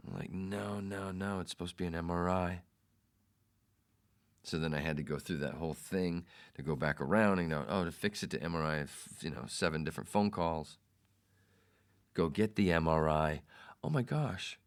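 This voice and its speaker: A man hosting a podcast, telling a personal story in a casual, animated way and putting on the voices of the people in it. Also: extremely low pitch. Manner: animated, mimics others in quoted lines. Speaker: podcast host.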